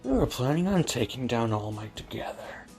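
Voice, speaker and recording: A man voicing a cruel, mocking young male villain in a low, hissing half-whisper. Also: sing-song, normal speed, darkish tone, soft background music. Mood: menacing.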